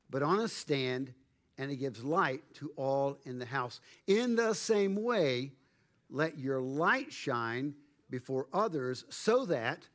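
A male pastor delivers a sermon in a slightly higher than usual voice. He preaches emphatically, slowing down and pausing for weight on key phrases. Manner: emphatic, measured preaching with dramatic pauses.

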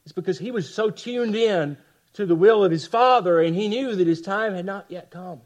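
Impassioned preacher man with a higher voice. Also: moderate pace. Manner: impassioned, swings from loud emphasis to hushed lines; rhetorical asides to the congregation. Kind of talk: expository sermon.

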